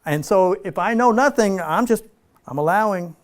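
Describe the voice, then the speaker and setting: A man leading an informal spiritual teaching for a small group, relaxed and playful, slowing down for emphasis. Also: high-pitched. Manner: relaxed, playful, laughs often, slows for emphasis.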